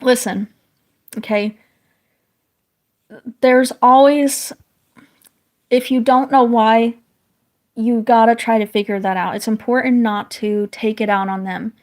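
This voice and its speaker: A woman's voice: a little high, fairly even intonation, slow, pauses often. Rambling woman chatting on a live stream. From northern United States. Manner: rambling, reads chat aloud, frequent restarts. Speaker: streamer chatting with viewers while drawing. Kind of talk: casual live-stream chat.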